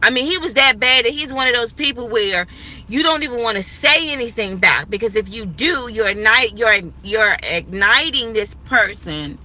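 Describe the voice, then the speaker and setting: A woman's voice: a little high, expressive, moderate pace, pushed and bright, rough recording. A woman in her thirties telling a personal story straight to her viewers in an emphatic, repetitive way, recorded on a phone while riding outdoors. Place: in a moving vehicle outdoors, going under a bridge.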